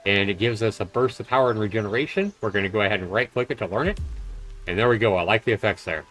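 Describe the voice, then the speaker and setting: A man's voice: lowish voice, quick pace, fairly bright tone. Chatty male game streamer. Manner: casual, chatty, lots of fillers. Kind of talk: live let's-play commentary.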